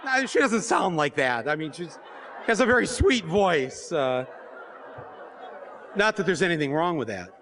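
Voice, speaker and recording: A man, an author and filmmaker, telling comic stories to a live audience in an animated, joking way, acting out the scenes. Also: on the high side, measured pace, pauses often, noisy background. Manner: animated, joking, acts out scenes and voices, often breaks into laughter. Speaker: author and filmmaker giving a talk. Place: stage at a book fair.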